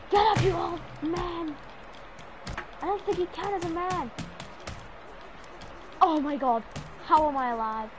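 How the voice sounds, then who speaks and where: A woman's voice: extremely high pitch, background noise. A woman playing a video game and chatting to herself in a silly, rambling, joking way. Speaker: gamer. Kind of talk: casual gameplay commentary. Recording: game music playing behind.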